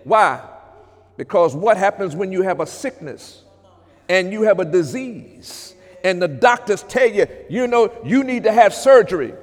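A man preaching a sermon as pastor, moving from hushed passages to shouts and calling out to the congregation. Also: high voice, lively intonation, measured pace. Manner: preacherly, swings between hushed and shouted, talks back to congregation. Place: church sanctuary. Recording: long reverb of a church hall.

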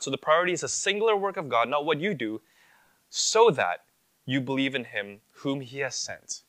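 Bright-voiced emphatic male preacher. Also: mid-range voice, animated, normal speed, dry recording. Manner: emphatic, repeats phrases, asks rhetorical questions. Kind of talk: expository sermon.

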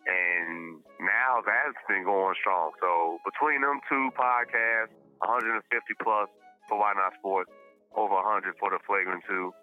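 A middle-aged man talking as a guest on a casual podcast, animated and quick to restart his sentences. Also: on the low side, narrow, tinny audio, soft background music. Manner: animated, talks in bursts with repeated starts.

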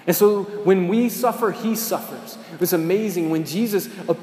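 A man preaches in a church, his slightly high voice carrying an earnest, conversational tone as he asks his listeners questions. The sound rings through a roomy space with a long reverb tail. A faint hiss sits under the recording. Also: moderate pace, mellow. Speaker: priest. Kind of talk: sermon.

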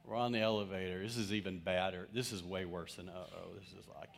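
Low-voiced pastor telling a funny story. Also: male voice, brisk. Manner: humorous, acts out quoted voices. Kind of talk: storytelling sermon.

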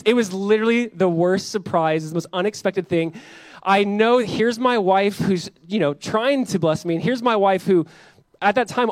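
Fast-talking, high-voiced young male pastor. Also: no room sound. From Southern California. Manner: animated storytelling, self-mocking humor. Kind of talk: sermon.

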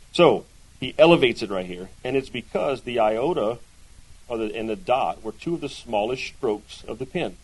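A man teaching a Bible class to a group. He talks in a loose, conversational way, asks his listeners questions and keeps checking in with a quick "right?". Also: mid-range voice, animated, breathy edge, low-quality recording.

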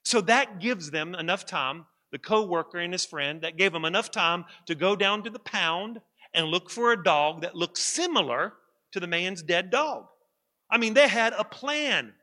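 A man preaching from the pulpit with a high, ringing, bright voice. He hammers his points home and repeats them for weight. His voice carries a long church-hall reverb. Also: expressive, moderate pace. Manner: emphatic, repeats key lines for effect. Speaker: pastor. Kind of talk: sermon.

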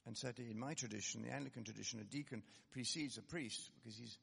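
A man preaching a sermon in an animated, conversational way, with self-deprecating asides. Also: mid-range voice, fast talker, gravelly, slightly rough, long reverb tail.

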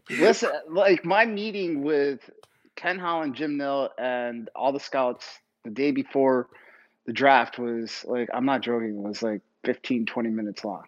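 A man, a former hockey goalie, answering interview questions in a relaxed way, filling his speech with "like" and "you know". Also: medium pitch, a little slow, highs cut off. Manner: relaxed, filler-heavy with frequent "like". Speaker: retired hockey goalie, guest.

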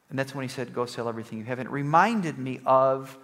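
A man preaching a conversational sermon, often checking in with "right?" and swinging between emphatic, louder passages and soft, low ones. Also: fast talker, few pauses, in a large hall. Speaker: pastor.

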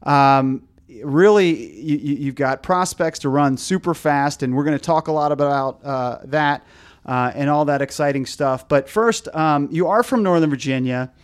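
On the high side and clean in tone, this man's voice moves at normal speed as he casually hosts a running podcast. He's hesitant and keeps tripping over fillers and restarts.

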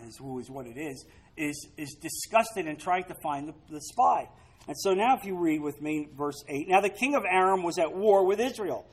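High-voiced emphatic preacher man. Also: poor audio. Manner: dramatic, rising to loud emphatic peaks; conversational asides to the congregation. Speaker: pastor. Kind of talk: sermon with scripture reading.

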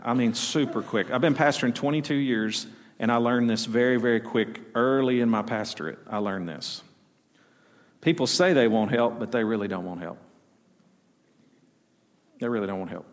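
A middle-aged man with a Southern US accent, preaching a sermon with folksy stories and call-and-response to his congregation. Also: mid-range voice. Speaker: pastor. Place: church sanctuary. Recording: long reverb of a church hall.

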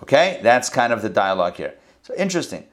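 A man teaching a text-study lesson in a conversational, animated way, acting out the text as he explains it. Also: medium pitch, fast talker.

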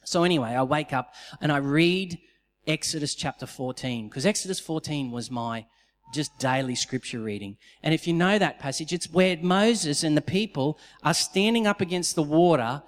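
High-voiced man preaching in a hall. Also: normal speed. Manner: animated storytelling with dramatized quotes. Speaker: pastor. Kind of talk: sermon. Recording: long reverb of a large hall.

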